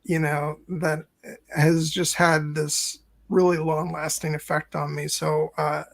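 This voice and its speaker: A man in his late thirties, a co-host and first-time viewer, speaks in a casual podcast chat with a fairly high voice edged with gravelly fry. Slow and with little pitch movement, he talks earnestly and reflectively, his sentences winding along as he thinks out loud.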